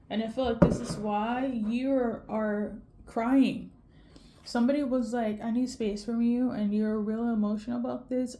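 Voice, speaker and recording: A tearful woman with a warm, highish voice gives an intuitive tarot reading to camera, emotional throughout and often tagging "okay?" onto her lines. A little hiss or hum can be heard.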